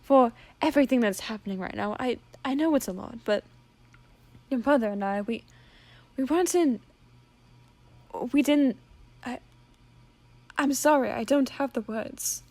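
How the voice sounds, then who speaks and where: A woman voicing a gentle demon prince father who stammers through apologies. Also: a little high, normal speed, no room sound, natural voice. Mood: apologetic.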